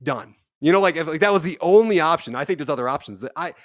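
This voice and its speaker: Animated storytelling man, dry close sound. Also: fairly high pitch, quick pace, no room sound. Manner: animated storyteller, acts out quotes. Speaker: guest, real estate investor. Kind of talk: casual podcast conversation.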